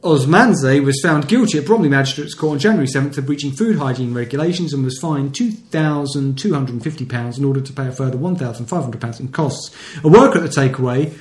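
A man's voice: medium pitch, animated, fast, hardly any pauses, darkish tone. A man from co-hosting a podcast, reading out local news stories with frequent laughter in a casual comic chat. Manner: reads news stories aloud, laughing often. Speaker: podcast co-host. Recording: roomy echo.

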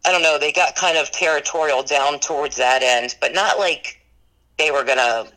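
In a low, sharp voice at normal speed, a ghost tour operator tells an interviewer about her paranormal encounters. She is earnest and rambles, peppering her speech with "like" and "you know." The audio is poor.

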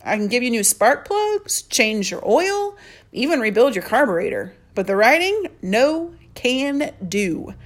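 A woman's voice: fairly high pitch, big pitch swings, a little slow, voice pushed up. A woman reading aloud, voicing a laid-back teenage boy who jokes with his younger sister, drawing out his phrases. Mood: joking. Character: teenage boy, easygoing joking older brother.

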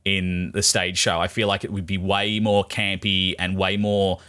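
A man co-hosting a casual film podcast, animated and sweary with blunt opinions. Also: low voice, unhurried. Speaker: podcast co-host, film reviewer. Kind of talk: casual chat.

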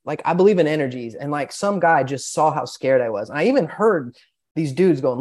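A man's voice: fairly high pitch, animated, brisk, darkish tone. Rambling, profane man telling a story. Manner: rambling, profane, full of filler words. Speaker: podcast guest. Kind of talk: casual storytelling.

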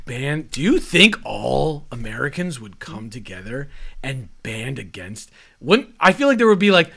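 A man's voice: mid-range voice, big pitch swings, measured pace, gravelly, a crowd in the background. A man on a movie podcast, chatting casually and animatedly and swearing freely. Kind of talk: casual chat.

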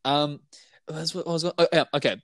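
A man's voice: fairly high pitch, steady tone, normal speed, a bit bright, dry recording. A young man with a New Zealand accent, co-hosting a podcast in casual chat. He rambles, laughs often and restarts his sentences a lot. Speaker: podcast co-host.

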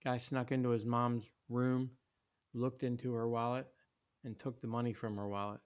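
A man reading a story aloud in a steady, plain way, with small slips. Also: mid-range voice, moderate pace, smooth, highs cut off. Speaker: narrator.

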